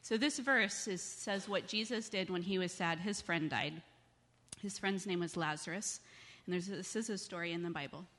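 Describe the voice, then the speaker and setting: A woman giving a children's message in church, speaking gently and coaxing the kids with questions. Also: lowish voice, normal speed. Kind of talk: children's sermon. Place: church sanctuary. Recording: long church reverb.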